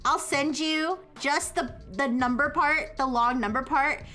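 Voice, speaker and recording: A woman hosts a casual live stream, talking in a high, bright voice. She rambles, trips over her own sentences and laughs as she goes. Faint music plays underneath. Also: a little slow. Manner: rambling, self-interrupting, laughs often. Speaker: livestream host.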